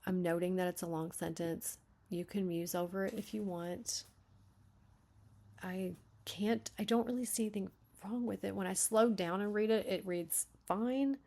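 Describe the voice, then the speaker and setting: Woman beta reader, vocal fry, chatty, reads aloud and critiques a draft with talky asides. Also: mid-range voice, normal speed. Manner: thinks aloud, chatty and self-interrupting; reacts with loud, lively asides. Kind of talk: reading a manuscript aloud and critiquing it.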